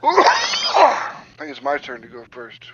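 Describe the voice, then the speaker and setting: A man's voice: a little high, wildly swooping pitch, slow pace, muffled recording, background noise. A man playing a board game on a livestream, speaking hesitantly and laughing a lot. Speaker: player. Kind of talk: casual tabletop game livestream.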